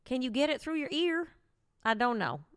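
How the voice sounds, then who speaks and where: A woman's voice: sits high, very animated, normal speed, clean tone, no room sound, studio quality. A woman talk show host doing a rambling, profane, wry casual rant from home.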